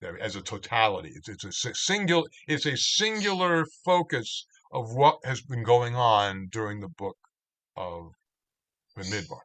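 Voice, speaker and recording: Cantor-type man teaching scripture over a computer mic: middle pitch, slow, thoughtful delivery, bright voice. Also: sing-song. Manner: slow, reflective, with many restarts and asides. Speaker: cantorial spiritual leader. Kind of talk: online Torah study teaching.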